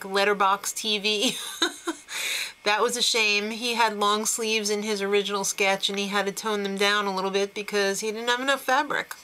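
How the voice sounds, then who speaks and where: A woman's voice: medium pitch, bright, forceful tone, poor audio. A woman hosting a casual TV recap show, chatty and opinionated, laughing between remarks.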